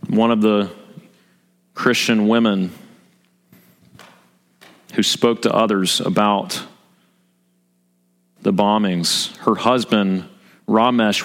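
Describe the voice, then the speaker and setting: A man preaching a sermon to his congregation as pastor, earnest, asking rhetorical questions and repeating his key points. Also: on the low side. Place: church sanctuary. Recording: long reverb of a church hall.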